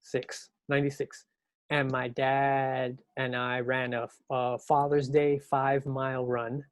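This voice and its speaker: A middle-aged man from New York, a podcast guest in casual chat, telling animated, slangy stories. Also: slow pace, no room sound. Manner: animated storyteller, slangy, mimics people in high voices.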